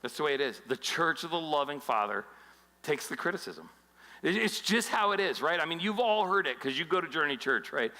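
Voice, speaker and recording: A man preaching a casual, joking sermon as pastor, telling stories with quick voices for the people he quotes. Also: a little high, sing-song, sharp tone, long reverb tail, low-quality recording. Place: church auditorium.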